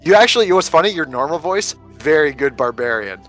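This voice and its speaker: A man chatting with his tabletop group between turns, rambling and joking and laughing a lot. His voice is mid-pitched and lively, rising and falling freely. Faint music plays quietly behind him. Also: fast talker, rough recording. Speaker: tabletop game player. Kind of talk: casual chat between players.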